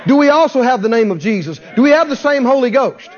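A man with a very high, lively voice preaches with fervor and drives the congregation through call-and-response. His pitch leaps around as he builds to shouts. The recording is dull and lo-fi. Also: fast talker. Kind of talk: sermon.

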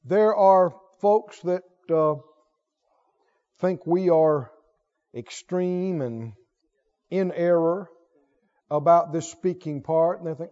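Male preacher, high and lively, folksy and emphatic, church hall reverb. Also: slow, long pauses. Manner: animated, rising to emphatic exclamations, conversational asides. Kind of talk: sermon. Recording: dull audio with long hall reverb.

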